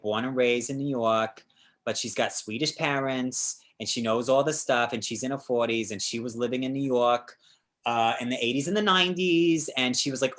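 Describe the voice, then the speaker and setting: A man from the American South, a guest actor, chatting casually and telling animated stories with plenty of fillers. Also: medium pitch. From Georgia, US South. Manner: animated storyteller, many fillers. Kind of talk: casual interview chat.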